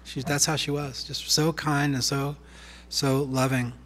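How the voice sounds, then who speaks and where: A man speaking as pastor in a church, sharing memories softly and reflectively, with many fillers. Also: on the high side, flat delivery, a little slow. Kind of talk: eulogy-style sharing from the pulpit. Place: church sanctuary. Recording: live church stream with music behind. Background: guitar playing.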